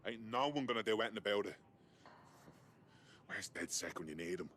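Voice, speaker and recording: An actor playing a weary, jaded detainee with a British accent, talking in a gruff, bitter, confiding way. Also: male voice, fairly low pitch, lively intonation, fairly quick, a bit bright, a little hiss or hum.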